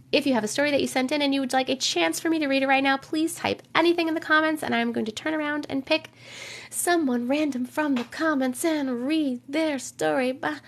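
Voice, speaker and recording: A young woman hosting a livestream, reading viewers' stories aloud and chatting casually, her voice a bit rough from a cold, humming filler syllables while she waits. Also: sits high, brisk. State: voice rough from getting over a cold.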